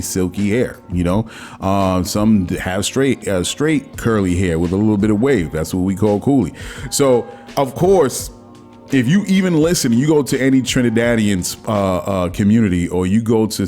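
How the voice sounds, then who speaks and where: Low-pitched guy rambling on his podcast, lots of ums, faint music underneath. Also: darkish tone. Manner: rambling, conversational, many fillers and restarts. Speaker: podcast host. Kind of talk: casual solo talk.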